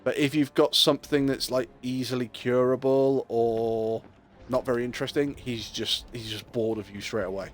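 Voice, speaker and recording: A man's voice: mid-range voice, fairly even intonation, moderate pace, faint music behind. A young man chatting casually and joking with his viewers while streaming a game. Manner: chatty, joking, talks to chat. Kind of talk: casual gameplay chat.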